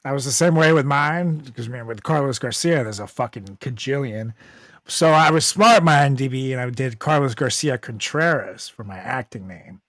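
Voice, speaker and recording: A man's voice: mid-range voice, normal speed, a bit bright, dry recording, clean studio sound. A man co-hosting a podcast in casual chat, sweaty after boxing, swearing often and laughing a lot. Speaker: podcast co-host.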